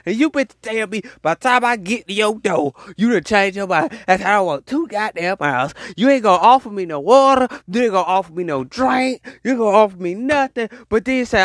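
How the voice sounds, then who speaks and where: Man, animated rant, high swooping voice, dry close sound. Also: normal speed, hardly any pauses, no room sound. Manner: animated, preachy, repeats himself. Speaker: podcast host. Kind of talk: ranting monologue.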